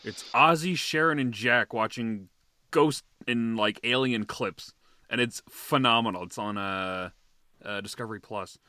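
A man's voice: medium pitch, a little slow, bright, forceful tone, dry recording. A man co-hosting a podcast in casual chat, with dry, understated quips. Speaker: podcast co-host.

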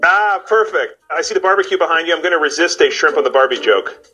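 A man in his forties with a higher, very animated voice, hosting with playful jokes and quick banter. Music plays clearly underneath. He switches easily between chat and narration. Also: low-quality recording. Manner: playful, joking, lively delivery. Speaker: host. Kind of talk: energetic TV host chat and narration.

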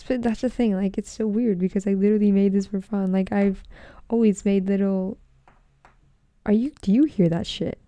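A woman's voice: mid-range voice, dark tone, dry recording. A young woman hosting a casual solo podcast from home, rambling, swearing a lot and sometimes dropping into a whisper. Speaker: podcast host.

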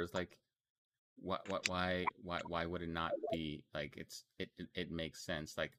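A man's voice: low-pitched, normal speed, a bit bright. A young man from Texas with a Texan accent, hosting a casual podcast chat about anime and rambling through restarts and fillers. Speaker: podcast host.

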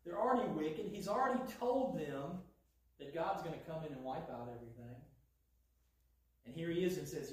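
A man preaching a sermon in an animated way, taking on a sarcastic edge when he voices God's lines. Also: fairly high pitch, normal speed. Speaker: pastor. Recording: echoey hall, voice from far off.

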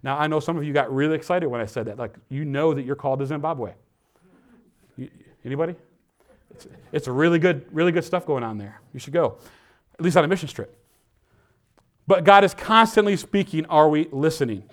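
A man delivers a sermon from the pulpit, his voice sitting a little higher than usual for a man. He swings between loud, emphatic declarations and quiet, conversational asides. When he reads scripture he slows down and leans on every phrase. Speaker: pastor.

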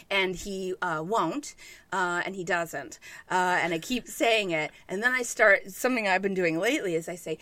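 A woman's voice: lowish voice, unhurried, sharp tone, no echo. A woman telling a candid parenting story in casual chat, swearing freely.

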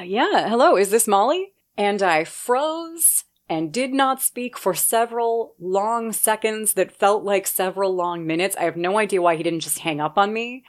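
A woman from Nebraska telling a personal story in a casual way, excitable, swearing freely and laughing as she goes. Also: mid-range voice. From Nebraska, USA.

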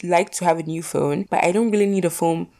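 A woman's voice: fairly low pitch, a little fast, vocal fry, dark tone. A young woman vlogger chatting casually through poll questions, rambling with lots of fillers and casual swearing.

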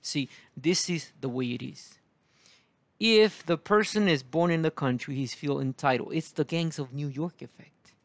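A man, preaching in a rambling, halting way full of fillers and asides. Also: a little high, dry recording. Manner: digressive, halting, many fillers. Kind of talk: rambling Bible teaching.

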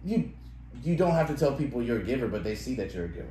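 A man's voice: mid-range voice, quick pace. Laughing man co-hosting a podcast, echoey. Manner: laughs often, animated when reading phrases aloud. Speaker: podcast co-host. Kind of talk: casual chat. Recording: echoey room with faint noise.

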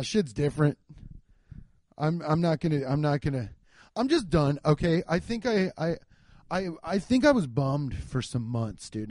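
A young man hosting a casual solo podcast, rambling and swearing, swinging from muttering to loud outbursts. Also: on the high side, dry recording. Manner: loose, profane, rambling with frequent swearing; animated, jumps between muttering and loud outbursts. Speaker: podcast host. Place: home garage.

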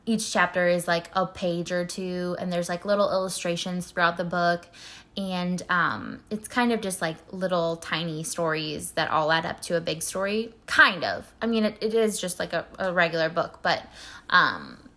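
A woman's voice: fairly low pitch, pushed and bright. A woman chatting casually in a book review vlog, rambling with lots of "like" and "um" fillers. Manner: chatty and candid, light laughs. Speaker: book vlogger.

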